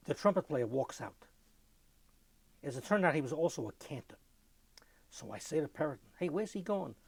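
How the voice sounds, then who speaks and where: An older man, telling lively anecdotes in an oral history interview and mimicking sounds as he goes. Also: a little high, normal speed, husky, dry recording. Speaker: interviewee, musician.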